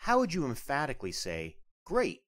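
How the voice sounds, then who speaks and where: A man's voice: mid-range voice, wildly swooping pitch, moderate pace, a bit bright. A man teaching a beginners' language lesson, asking questions and then repeating each answer twice, patiently.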